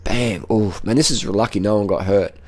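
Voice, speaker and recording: A man's voice: lowish voice, normal speed. A man giving casual running commentary on race footage as a cycling vlogger, blunt and profane, repeating short phrases.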